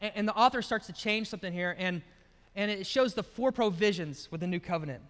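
A man's voice: high voice, a little fast, fairly bright tone, in a large hall. A man preaching a conversational sermon in a church, telling stories as he goes. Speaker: pastor.

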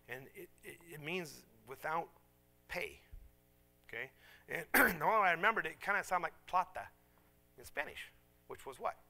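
A man's voice: a little high, gravelly. A middle-aged man preaching a sermon, telling stories with self-mocking humor and acting out the people in them. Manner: animated, self-mocking, acts out voices in stories. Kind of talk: sermon with storytelling.

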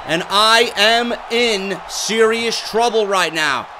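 Excitable male gamer doing wrestling commentary; high, sharp tone, shouts and curses often; faint noise under it. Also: slow, a faint crowd. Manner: excitable, profane, frequently shouting. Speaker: gameplay commentator. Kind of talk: wrestling play-by-play over gameplay.

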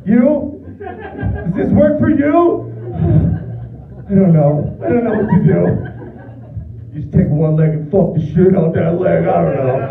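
A young man doing a stand-up comedy set, animated, crude and laughing at his own jokes. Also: a little high, normal speed, vocal fry, distant mic, faint music behind. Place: bar or small club. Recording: tinny, roomy club recording from afar.

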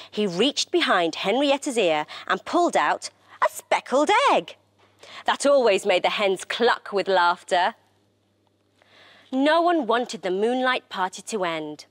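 A woman children's TV presenter reads a storybook aloud in an expressive, animated way. Her delivery is slow and lively, rising and falling a lot. The sound is close and dry. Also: mid-range voice, no echo.

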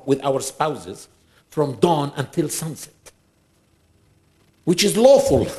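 Emphatic, animated male preacher in a mosque. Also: a little high. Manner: emphatic, rhetorical questions, recites Quran verses quickly in Arabic. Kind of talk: sermon.

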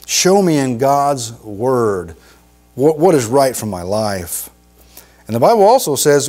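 A middle-aged man preaching a sermon in a folksy, emphatic way, repeating phrases and dropping low for emphasis. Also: big pitch swings, a little slow, mellow, soft background music.

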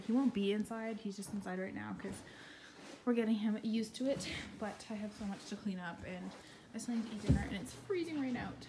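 A woman's voice: medium pitch, fairly quick, noisy background. A young woman in her twenties chatting casually on a phone camera at a horse barn, bubbly and often laughing. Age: 20s. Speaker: vlogger. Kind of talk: casual vlog chat.

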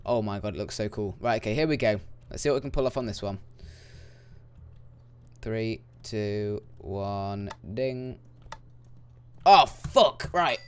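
Excitable young gamer, lively pitch. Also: male voice, measured pace, pauses often, slight background noise. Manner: excitable, swings into loud frustrated yelps. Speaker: gaming YouTuber. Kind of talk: casual gameplay commentary.

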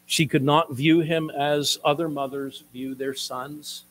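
Husky-voiced man preaching a measured sermon. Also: a little high, steady tone, a bit bright, low-quality recording. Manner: measured explanatory preaching, with pauses and restarts. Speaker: pastor.

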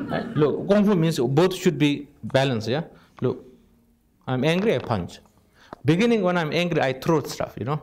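A man with non-native English giving an informal Buddhist teaching, lively and direct, checking in often with the audience. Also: on the high side, normal speed, slight background noise. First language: Tibetan. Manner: animated, asks "right?" constantly, non-native phrasing. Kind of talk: informal dharma talk.

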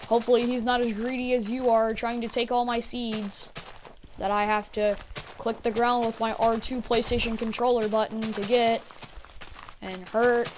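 Woman, gameplay commentator, chatty, exclaims a lot, higher voice, faint hiss. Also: little pitch movement, moderate pace. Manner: chatty, talks to her pets, exclaims often. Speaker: gaming video creator.

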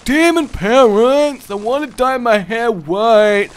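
A man's voice: very high-pitched, slow pace, pitched above the performer's own voice. A man doing a whiny demon kid. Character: whiny rebellious demon kid, young boy.

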